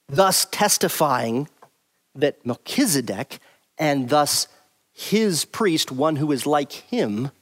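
Speaking at a fairly high pitch, a man teaches a Bible passage one verse at a time, hammering home and repeating his main points.

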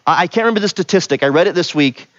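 A middle-aged man in a slightly high register teaching a sermon, who keeps checking in with his listeners through quick questions. The sound is dry and a little dull, like a lo-fi recording. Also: animated, no room sound. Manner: conversational, asks the room questions, frequent "right?". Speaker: pastor.

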